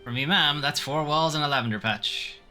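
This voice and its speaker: A man doing a curious young Highland girl. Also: fairly quick, pushed and bright, faint music behind. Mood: musing. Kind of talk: reading game dialogue aloud.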